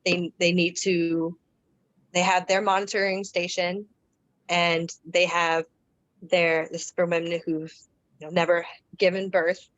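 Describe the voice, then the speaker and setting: A woman guest on a podcast, casually telling a personal story in a relaxed, chatty way with fillers and restarts. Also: lowish voice, unhurried, dry recording, poor audio.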